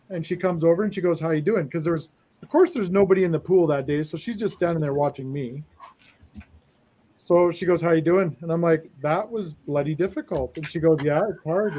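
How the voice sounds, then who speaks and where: A man's voice: fairly high pitch, noisy background. A man hosting a casual chat, telling a funny story and acting out both sides of the conversation. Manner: storytelling, animated retelling with quoted dialogue. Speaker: host.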